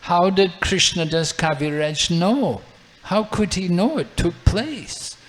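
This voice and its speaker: A man, a monk, narrating a devotional story in a sermon, unhurried and repetitive. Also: high-pitched, lively intonation, rough recording. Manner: unhurried, repeats phrases while narrating. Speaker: monk and lecturer.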